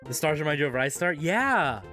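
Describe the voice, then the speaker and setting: A streamer from Canada, chatting excitably with viewers during a live gameplay stream. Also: medium pitch, normal speed. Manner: chatty, excitable, greets chat by name. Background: loud game music.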